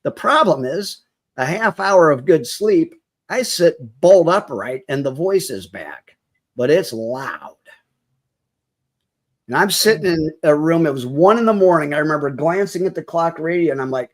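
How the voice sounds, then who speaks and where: A man's voice: on the high side, expressive, moderate pace. A man telling a personal story as a podcast guest, acting out the quoted dialogue vividly and getting close to tears at moments.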